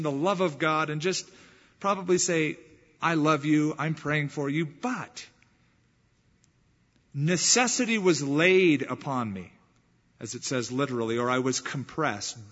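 A man delivers a sermon from the pulpit, earnest and emphatic. His voice sits a little high for a man. It comes through a muffled old church recording, with long reverb trailing off the walls of the sanctuary. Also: a bit bright, slightly rough. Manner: earnest preaching with emphatic rises. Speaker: pastor.

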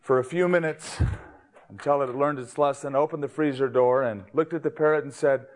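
A man's voice: medium pitch, fairly quick. A man preaching a sermon, opening with a joke in an easygoing, folksy storytelling manner. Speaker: pastor.

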